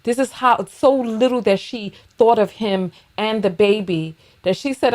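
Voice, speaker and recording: A woman's voice: medium pitch, a little slow, hardly any pauses, darkish tone. A woman hosting a reaction video, giving blunt, mocking, profane commentary as she takes down her braids at home.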